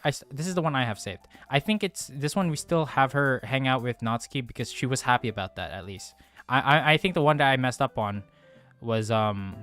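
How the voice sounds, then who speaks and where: A man's voice: mid-range voice, fairly bright tone. A man giving casual gaming commentary, frustrated and swearing as he rambles with restarts. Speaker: let's play gamer.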